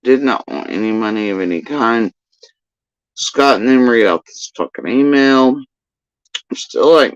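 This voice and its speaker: Agitated man ranting, lively pitch. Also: unhurried, no echo. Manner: agitated, profane, repeats himself. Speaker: livestreamer recounting personal events. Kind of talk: rambling livestream monologue. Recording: dull lo-fi stream audio.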